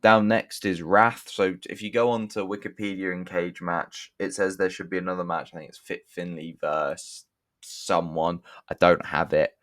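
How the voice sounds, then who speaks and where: A man's voice: sits low, fairly even intonation, moderate pace, fairly bright tone. A young man talking through a wrestling show review in a casual, rambling way, swearing often and stopping to correct himself. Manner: rambling, profane, self-correcting with restarts.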